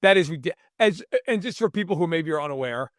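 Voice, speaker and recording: A man's voice: fairly high pitch, lively intonation, quick pace, a bit bright, no room sound, clean studio sound. A man co-hosting a podcast, ranting in mock outrage over sports in casual chat. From New York state. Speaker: podcast co-host.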